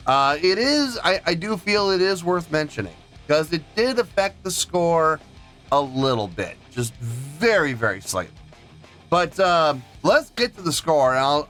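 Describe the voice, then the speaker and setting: A man reviewing a track in relaxed, chatty reaction style, his fairly high voice swinging up and down with enthusiasm. His tone is bright and forward, and he keeps turning to his viewers as folks. Faint music sits under him. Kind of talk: casual reaction commentary. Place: his recording setup.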